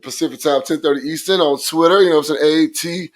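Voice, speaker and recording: A man co-hosting a casual sports podcast, his voice hoarse and raspy from shouting, talking laid-back and filling gaps with "you know what I'm saying". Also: fairly high pitch, quick pace. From Phoenix area. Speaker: podcast co-host.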